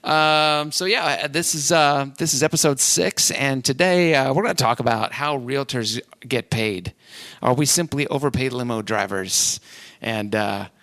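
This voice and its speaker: A man's voice: medium pitch, moderate pace, fairly bright tone, no room sound. A man from Cleveland, Ohio, hosting a casual podcast as a real estate agent, rambling and self-deprecating. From Cleveland, Ohio, USA.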